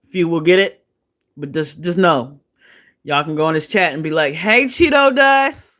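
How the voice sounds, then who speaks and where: Woman livestream host, casual gossip commentary; blunt, profane, chatty, quick to laugh. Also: low voice, steady tone.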